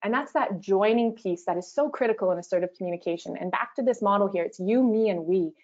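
A woman's voice: mid-range voice, quick pace, a little mellow, muffled recording. Woman leading a communication workshop. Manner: conversational, acts out example replies. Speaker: workshop facilitator. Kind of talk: online workshop presentation.

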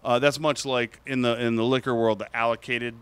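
A man's voice: medium pitch, brisk, clean tone. A man co-hosting a casual show, telling stories in an enthusiastic, chatty way. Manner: chatty storyteller, lively and enthusiastic. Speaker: podcast co-host. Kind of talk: casual chat. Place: bar or taproom.

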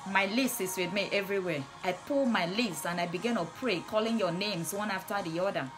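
A woman's voice: medium pitch, brisk. A woman preaching and praying on a livestream, with fervent, repetitive declarations. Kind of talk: livestream sermon and prayer. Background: soft music.

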